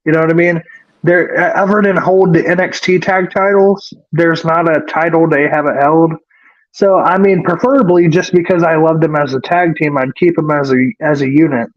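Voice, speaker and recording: High-voiced man in dull lo-fi sound. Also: steady tone, normal speed. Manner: rambling, swears often, many fillers. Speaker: wrestling podcast co-host. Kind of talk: casual chat recapping a wrestling show.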